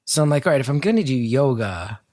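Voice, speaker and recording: A man from North Jersey tells a story in an animated, self-deprecating way, with plenty of profanity. His voice sits at an everyday male pitch. The video-call sound is close and dry, with no room around it. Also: quick pace, dry recording. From North Jersey, United States. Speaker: guest storyteller. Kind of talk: casual anecdote told on a video call.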